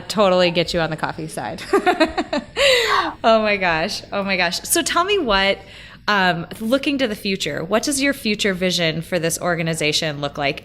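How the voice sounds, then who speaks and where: A woman's voice: lowish voice, fairly bright tone. Gushing woman podcast host. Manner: gushing, enthusiastic, says oh my gosh. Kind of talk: casual podcast interview.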